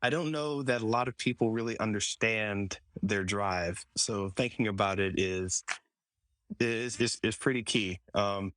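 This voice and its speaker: A man hosting a podcast, telling a personal story in a relaxed conversational way, often restarting and quoting himself. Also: on the low side, measured pace, dry recording. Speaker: podcast host. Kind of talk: casual conversation.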